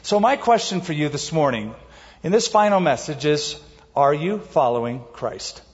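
A man's voice: fairly high pitch, lively intonation, in a large hall. Man preaching, emphatic, drags words out to stress them, kinda dull muffled sound. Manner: emphatic, varies pace and volume, slows words for stress. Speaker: pastor. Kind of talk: sermon.

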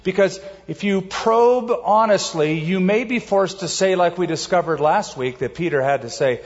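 A man preaching a sermon as pastor, emphatic, varying his pace and slowing words down for stress. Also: high-pitched, long reverb tail, highs cut off.

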